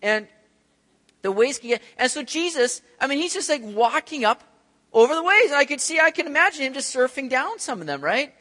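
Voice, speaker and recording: A man preaching a sermon, telling the story with animated, acted-out scenes. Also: very high-pitched, a little fast, long reverb tail. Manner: animated storytelling, acts out voices of disciples. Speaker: pastor.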